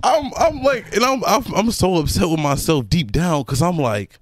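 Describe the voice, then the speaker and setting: Lively young man telling a story. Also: sits high, unhurried, hardly any pauses. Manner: animated, laughs through his story, slangy. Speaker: podcast co-host. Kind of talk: casual storytelling among friends.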